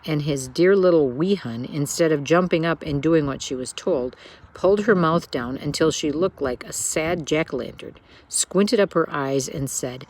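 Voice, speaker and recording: A woman reading a children's book aloud with expressive, lilting narration. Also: sits low, moderate pace. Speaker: storyteller.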